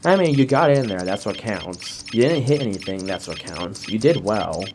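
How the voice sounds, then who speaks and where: A man voicing a sweet, motherly southern woman, a driving examiner, in a gentle, reassuring way. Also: lowish voice, animated, normal speed, over music, close to an everyday voice.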